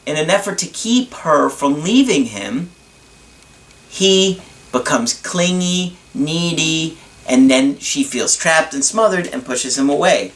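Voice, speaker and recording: A man's voice: a little high, expressive, slow pace, fairly bright tone. Earnest, emphatic man coaching. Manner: earnest, emphatic, addresses listeners directly. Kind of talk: casual motivational teaching talk.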